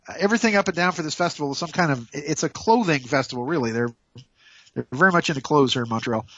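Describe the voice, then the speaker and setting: A man's voice: a little high, rapid-fire, a bit bright, dry recording, highs cut off. A man hosting a radio show over a call, joking and rambling with lots of restarts. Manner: playful, jokey, rambling with restarts. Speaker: radio host. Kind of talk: casual radio talk. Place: hotel room. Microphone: Skype call.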